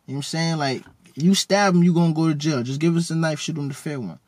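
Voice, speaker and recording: A man, telling a story in a joking, slangy, animated way. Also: fairly high pitch, quick pace, dry recording, studio quality. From New York. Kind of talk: casual storytelling.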